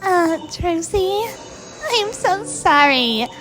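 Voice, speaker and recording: A woman voicing an apologetic teenage girl rival in a fan dub, hesitant and slow, with music behind. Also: extremely high pitch, animated, exaggerated voice. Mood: remorseful.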